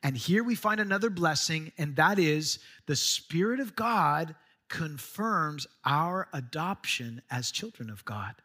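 Middle-aged pastor guy preaching, high and bright voice, earnest, slows down on the bible verses. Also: animated. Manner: earnest preaching, slows for scripture, rises in pitch when urging. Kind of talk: sermon.

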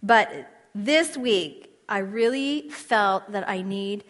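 A woman teaching a women's Bible study with passion, swinging between loud declarations and hushed asides and asking her listeners questions for a response. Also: mid-range voice, slow, big-room sound. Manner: asks the audience questions for response. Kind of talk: passionate sermon.

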